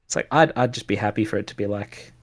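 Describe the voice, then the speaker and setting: Relaxed young man chatting over a game. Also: on the low side, fast. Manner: relaxed, repeats words as he thinks. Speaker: streamer's teammate. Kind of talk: casual chat while gaming.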